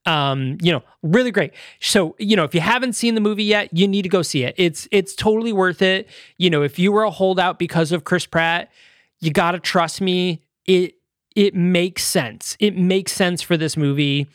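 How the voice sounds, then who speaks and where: A man hosts a podcast in loose, casual chat, his voice sitting a little high for a man. He rambles through fillers and restarts and acts out quotes in quick little voices. The sound is dry and close. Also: no room sound. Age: adult parent. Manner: animated retelling, quoting others in little voices. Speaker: podcast host.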